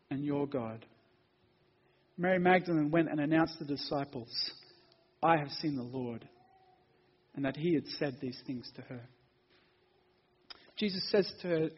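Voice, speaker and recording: Pastor, male, fairly high husky voice, emphatic then hushed sermon delivery, dull lo-fi sound with long church reverb. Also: moderate pace. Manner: expository preaching, building to emphatic peaks then dropping soft. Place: church sanctuary.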